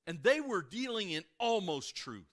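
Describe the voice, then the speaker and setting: Lively Midwestern pastor preaching. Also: male voice, sits high, moderate pace. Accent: American Midwest. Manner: animated, rising to emphatic peaks and dropping to soft asides. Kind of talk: sermon. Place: church sanctuary before a congregation.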